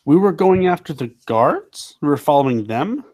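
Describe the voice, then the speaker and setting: A man's voice: a little high, sing-song, moderate pace, a little mellow, no room sound. Male player, eager and stammery, dry close sound. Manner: eager, stammering, repeats words. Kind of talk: casual tabletop role-play.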